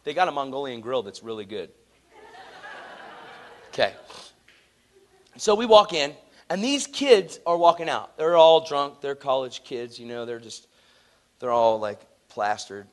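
A man preaching a sermon, telling a story in an animated, earnest, conversational way and acting out the people in it. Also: medium pitch, measured pace, pauses often.

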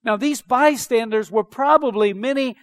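A man's voice: very high-pitched, normal speed. A man preaching a sermon as pastor, reading scripture aloud and then explaining it with emphatic questions.

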